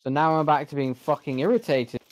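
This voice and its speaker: A gamer in the middle of a playthrough, grumbling and swearing as the game refuses to cooperate. The voice sits at a middling pitch, with complaints aimed straight at the screen. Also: fairly quick. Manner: frustrated, swears often, talks to the game. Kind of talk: gameplay commentary.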